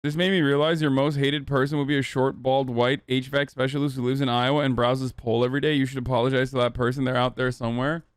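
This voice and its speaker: A man's voice: medium pitch, level tone, fast, few pauses, smooth, dry recording. A man in his thirties streaming from home, giving sarcastic, rambling commentary with plenty of swearing. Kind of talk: casual livestream commentary.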